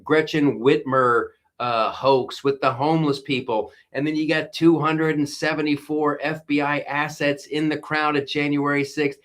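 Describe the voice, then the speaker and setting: A man's voice: on the high side, fairly bright tone. A man hosting a live talk show, giving rambling, emphatic political commentary and reading viewer comments aloud. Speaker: livestream show host.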